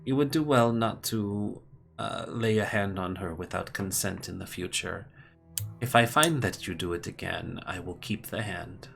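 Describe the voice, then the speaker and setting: A man voicing a stern female inquisitor who makes formal, quiet threats. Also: low-pitched, moderate pace, creaky, faint music behind. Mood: cold threat.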